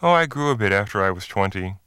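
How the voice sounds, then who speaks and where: A man reading the part of a tall plainclothes officer who speaks in a calm, firm, controlled way. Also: fairly low pitch, fast talker, clean tone, no echo, studio quality.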